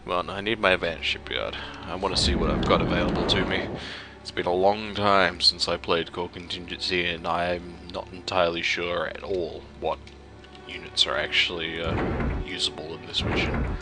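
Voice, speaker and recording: Low-voiced man swearing through gameplay. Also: fairly even intonation, moderate pace. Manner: exasperated, swearing outbursts. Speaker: let's play commentator. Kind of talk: gameplay commentary. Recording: game music behind voice.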